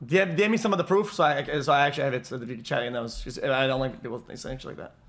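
A man's voice: medium pitch, steady tone, racing, a bit bright. A man streaming online who chats casually with strangers, stumbling over and repeating his words and swearing a lot.

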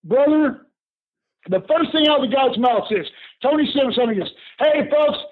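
Over a thin, tinny phone connection, a high-voiced older man tells animated stories at a moderate pace. He's a retired pro wrestler being interviewed as a guest, a lively storyteller who laughs a lot and keeps saying "brother."

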